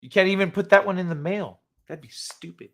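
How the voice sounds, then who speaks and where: High-voiced and a bit bright, this man hosts a livestream at a brisk pace. He reads out viewers' messages and chats casually, tossing in profane asides that fade into mumbles.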